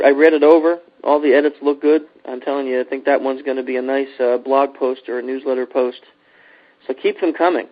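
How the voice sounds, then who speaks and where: A man's voice: medium pitch, muffled recording. A man hosting a podcast in casual chat, loose and joking, with many fillers. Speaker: podcast host.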